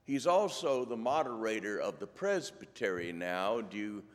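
A man reading scripture and telling an anecdote as a church lay speaker, in a measured, deliberate way. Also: on the low side, big pitch swings. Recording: long hall reverb.

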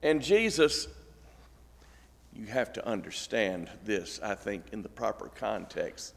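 A man's voice: on the low side, animated, slow pace, vocal fry, in a large hall. A male pastor preaching a sermon, telling the story with folksy, joking asides.

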